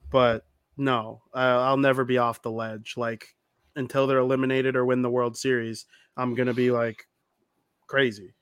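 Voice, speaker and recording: A young man co-hosting a sports podcast, bantering with jokes like an excitable fan. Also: mid-range voice, moderate pace, clean tone, dry recording, clean studio sound. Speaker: podcast co-host. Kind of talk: casual sports podcast chat.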